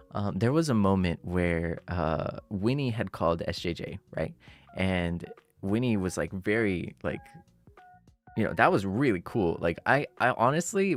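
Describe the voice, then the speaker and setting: A young adult man streaming and chatting casually with his viewers, rambling through his thoughts with many fillers and breaking into playful melodrama. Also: on the low side.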